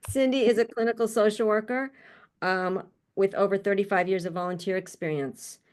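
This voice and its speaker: Over a video call, a woman hosts an online panel and introduces the speakers in a casual, upbeat, chatty way, laughing often. Her voice is medium-pitched and darkish in tone, and she speaks unhurriedly.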